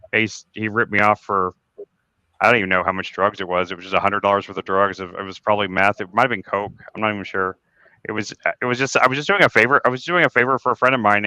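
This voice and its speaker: A man's voice: on the low side, bright, forceful tone, smooth, dry recording, lo-fi sound. A man in his forties hosting a casual group podcast, telling stories candidly and rambling through restarts, cursing when he gets worked up. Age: 40s. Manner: candid, rambling confessional storytelling with many restarts; swears freely when reliving anger. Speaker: podcast host.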